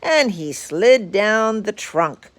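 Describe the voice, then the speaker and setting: Slow, expressive woman storyteller. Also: mid-range voice. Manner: lively, expressive read-aloud. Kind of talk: reading a rhyming picture book aloud.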